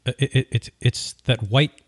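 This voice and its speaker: A man tells a story in a wry, opinionated way and keeps it lively. His voice is mid-pitched, and the recording is close and dry with no room sound. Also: unhurried, no room sound. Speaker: podcast host. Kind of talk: casual storytelling.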